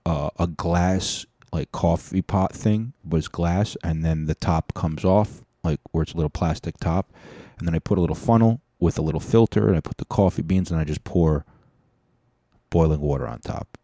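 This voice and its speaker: A man with a low, warm voice hosts a podcast, recorded on a studio mic with a cough button and no room sound. He tells rambling, profane stories in a joking, casual storytelling style.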